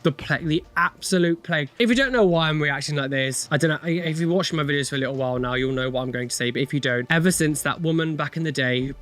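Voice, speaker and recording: A man's voice: fairly high pitch, quick pace, few pauses, fairly bright tone, soft background music. A young man chatting casually as he reacts to videos, rambling and exclaiming, with frequent swearing. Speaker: tattoo reaction video host.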